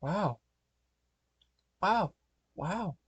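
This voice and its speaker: An excitable young woman gasps and exclaims at every surprise, as a man reading aloud puts her on. The voice jumps well above his usual register, thin and squeaky, recorded close and dry. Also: extremely slow, slightly rough, no echo, exaggerated voice. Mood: excited. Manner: high, squeaky, breathless exclamations.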